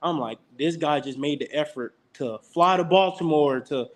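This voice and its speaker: A man's voice: a little high, moderate pace. A young man, a college football player, telling stories in a casual podcast interview and acting out the quotes. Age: young adult. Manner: animated storyteller who acts out quotes.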